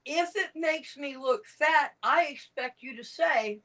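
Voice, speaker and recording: A woman chatting casually, frank and emphatic as she tells her stories. Her voice is bright and a little high, and she talks slowly. She sounds set back from the microphone. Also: far from the mic, poor audio. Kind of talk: casual chat.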